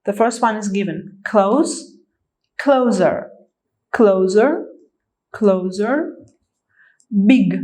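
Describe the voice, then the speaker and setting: Woman, English teacher, Azerbaijani native speaker, slow careful delivery, repeats words, patient explaining. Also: mid-range voice, a little mellow, rough recording. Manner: slow, patient, repeats each word for practice. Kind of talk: online grammar lesson.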